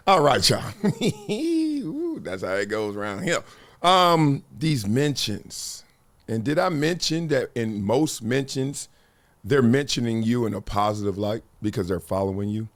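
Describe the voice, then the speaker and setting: A middle-aged male host who riffs in a loose, slangy style and jumps into voices when he quotes people. His pitch sits in the middle range for a man. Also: measured pace. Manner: animated, slangy storyteller acting out quotes. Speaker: podcast host. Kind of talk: casual talk-show commentary.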